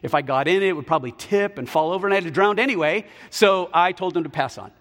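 A man's voice: sits high, fast, fairly bright tone. A man voicing a stubborn flood victim who pleads and justifies himself, with long hall reverb. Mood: complaining. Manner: pleading, then self-justifying. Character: stubborn flood victim waiting on God, male.

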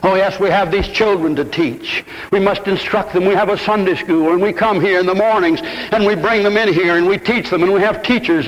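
A man's voice: steady tone, brisk, few pauses, long reverb tail, muffled recording. An older man preaching an impassioned sermon from the pulpit, recorded as an old radio broadcast. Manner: impassioned preaching, rising to high exclamations. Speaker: pastor. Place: church.

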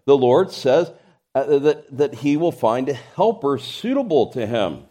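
A man's voice: mid-range voice, sing-song, measured pace, dark tone, slightly rough. A man preaching a sermon to his congregation, building emphasis through his points and often restarting mid-phrase. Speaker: pastor.

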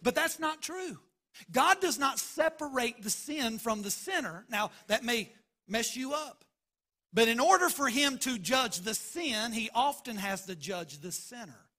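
A man's voice: very high-pitched, animated, unhurried, bright, forceful tone. A man preaching a sermon as pastor, emphatic and driving points home by repeating phrases.

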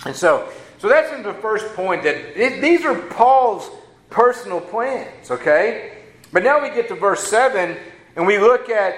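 A man with a drawl preaches in a loose, folksy way, tossing in casual asides. His voice sits a little high for a man. The sound carries a noticeable room echo. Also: animated, unhurried, fairly bright tone. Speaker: pastor. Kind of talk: sermon. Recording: echoey room.

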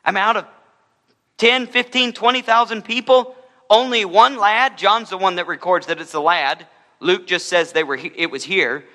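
A man's voice: high-pitched, moderate pace, bright, forceful tone, long reverb tail. A man preaching a sermon as a pastor, in a conversational style with humorous asides.

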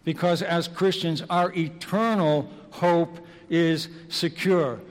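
A man preaching an evening sermon, slow and dramatic, moving between hushed and loud passages. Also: on the high side, fairly even intonation. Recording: long reverb of a large hall.

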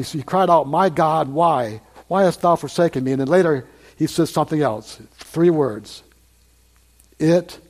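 A man's voice: fairly high pitch, darkish tone. An older man preaching a sermon to a congregation in a conversational way, repeating phrases and asking the listeners questions.

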